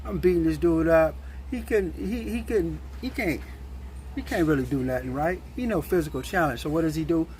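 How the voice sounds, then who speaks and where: A man telling a story in a casual, animated and blunt way, with plenty of slang. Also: fairly high pitch, normal speed, a little hiss or hum.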